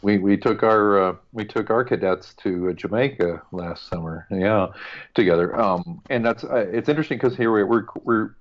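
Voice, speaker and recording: A man's voice: low-pitched, highs cut off. A man co-hosting a casual podcast, chatty and joking with playful asides. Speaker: podcast co-host. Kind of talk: casual chat.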